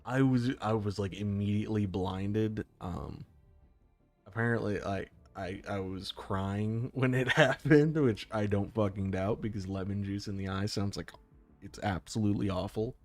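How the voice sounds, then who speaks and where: A young man with a low voice talks casually to his stream audience, cursing freely and breaking into laughter. He sounds close to a desk microphone. Faint music plays underneath. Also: moderate pace. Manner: swears freely, laughs often. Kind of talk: casual chat with stream viewers.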